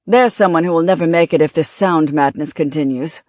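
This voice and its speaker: A man's voice: on the high side, fairly quick, darkish tone, no echo, clean studio sound, lightly acted. A narrator voicing a man making wry, sardonic remarks.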